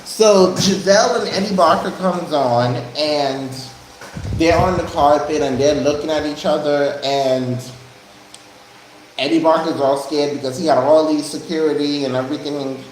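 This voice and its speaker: A man's voice: fairly high pitch, normal speed. A man casually retelling a TV episode's plot in a rambling way, with many restarts. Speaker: show recap host. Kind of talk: casual TV recap chat. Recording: very echoey room, faint noise.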